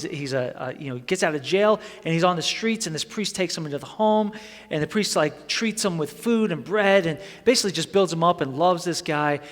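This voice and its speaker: A man's voice: on the high side, fairly bright tone. A man preaching a sermon in an earnest, conversational way that builds to emphatic points. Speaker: pastor. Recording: long hall reverb.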